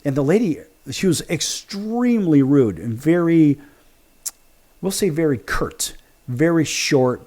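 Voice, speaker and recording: A man hosting a sports talk show, spinning a casual monologue. His pitch rises and falls a lot, and he acts out each side of the conversations he recounts. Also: measured pace. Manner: animated, acts out both sides of conversations.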